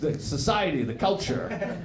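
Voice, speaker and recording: A man doing stand-up crowd work with dry, teasing, deadpan asides in a theater before a live audience. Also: a little high, unhurried, over music. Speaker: stand-up comedian. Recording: echoey theater with laughing crowd.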